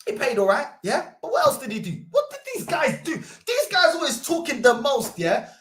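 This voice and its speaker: A young man, hosting a football fan livestream with loud, mocking banter and rapid-fire rhetorical questions. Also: very high voice, wildly swooping pitch. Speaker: host. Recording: roomy echo.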